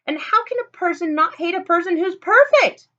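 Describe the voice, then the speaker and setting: A bossy little girl storybook figure, loud and demanding, her voice jumping high as she yells orders, put on by a woman reading aloud. The recording is dull and lo-fi. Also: sing-song, normal speed. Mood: complaining. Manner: demanding, yelling.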